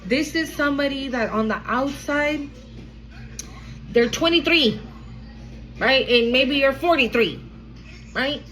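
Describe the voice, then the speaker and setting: A woman's voice: high voice, unhurried, noisy background. Emphatic woman giving a tarot reading. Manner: emphatic, chatty, swears freely, channels messages. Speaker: tarot reader.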